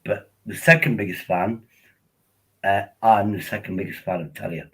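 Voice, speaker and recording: A man's voice: on the low side, fairly even intonation, normal speed, a bit bright, husky, rough recording. An older man, chatting casually and rambling on a live stream from home at his laptop.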